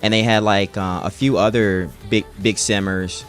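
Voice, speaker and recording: A man's voice: fairly low pitch, steady tone, normal speed, faint music behind. A young man streaming live, chatting casually with his chat in a laid-back, slangy way.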